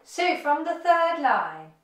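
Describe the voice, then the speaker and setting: Woman violin teacher, lively high voice, encouraging, echoey room, a bit off-mic, violin in the background. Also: slow, far from the mic, heavy background noise. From United Kingdom. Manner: encouraging, upbeat instructions. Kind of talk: online music lesson. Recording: roomy echo, off-mic, violin playing.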